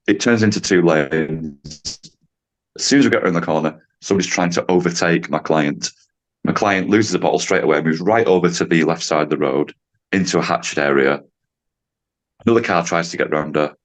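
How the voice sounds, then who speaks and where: A man in his late fifties tells a story on a podcast, his voice low and deep. He talks casually and acts out the voices of the people in his story, breaking into laughs now and then. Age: 50s. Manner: animated storyteller, acts out quotes, laughs often. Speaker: podcast guest, driving instructor.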